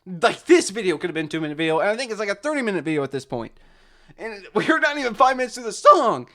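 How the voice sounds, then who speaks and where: A man's voice: sits high, very animated, fast, fairly bright tone. A man hosting a reaction video, rambling through casual commentary full of restarts and fillers.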